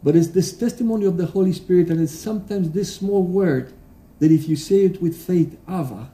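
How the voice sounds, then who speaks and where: This is another pastor's sermon, earnest but halting, with fillers and false starts, and quotations read out emphatically. He has a high-pitched voice with a dark tone, and the church gives the audio a roomy echo.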